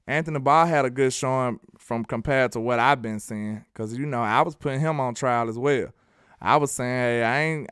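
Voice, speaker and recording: A man with a Southern accent from Alabama, doing casual sports talk and reading his live chat in an animated, playful, trash-talking way. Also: mid-range voice, clean tone, no echo, studio quality. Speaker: sports commentator.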